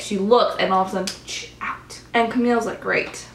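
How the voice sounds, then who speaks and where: A young woman vlogger in a casual, chatty recap, acting out characters' lines in quick bursts. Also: medium pitch, steady tone, creaky, echoey room, a little hiss or hum. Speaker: vlogger reviewing TV episodes.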